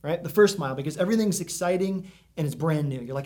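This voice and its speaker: A man's voice: high voice, brisk, darkish tone. A man preaching a sermon in a conversational way, full of asides and questions to the congregation. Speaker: pastor.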